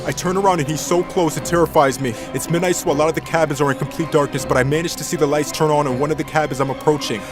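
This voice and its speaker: A man narrating true scary stories in the first person, reading them dramatically. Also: a little high. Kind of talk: scripted horror story narration.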